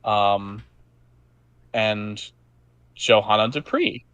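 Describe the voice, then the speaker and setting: Smooth-voiced male game master. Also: on the low side, extremely slow, a bit bright, no room sound, highs cut off. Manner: loose narration, frequent ums and swearing. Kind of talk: narrating a tabletop game.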